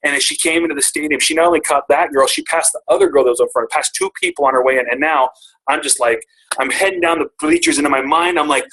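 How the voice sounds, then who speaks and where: A man's voice: a little high, fast, fairly bright tone, poor audio. A middle-aged man telling a personal story to his team on a call, earnest and emotional, often restarting his sentences.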